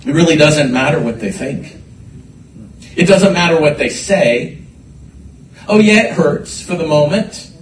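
A man preaching a sermon to a congregation, animated and repeating his words as he rises to shouts. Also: a little high, a little slow, long pauses, a little hiss or hum. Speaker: pastor. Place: church sanctuary. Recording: echoey room from a distance.

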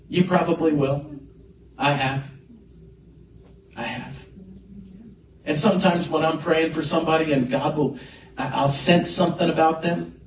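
A male pastor preaches to his congregation, animated in his storytelling. His voice comes from some distance off in a roomy, echoing hall with a faint hum of ambience behind. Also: fairly high pitch. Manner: animated storyteller, lively swings in loudness. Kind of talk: sermon storytelling. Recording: echoey hall mic from a distance.

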